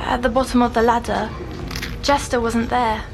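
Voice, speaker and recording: An actress playing a haunted young woman patient in an audio drama, recounting a nightmare in a hushed, halting, often whispered voice. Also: fairly high pitch, flat delivery, creaky. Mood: urgent recall. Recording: noisy background hum.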